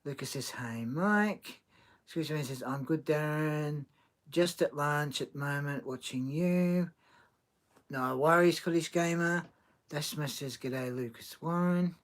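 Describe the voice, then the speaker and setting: Slow, halting man on a livestream. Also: a little high, a bit bright. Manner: halting, many restarts and fillers, reads chat comments aloud. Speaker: livestream host reading chat. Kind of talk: casual livestream chat.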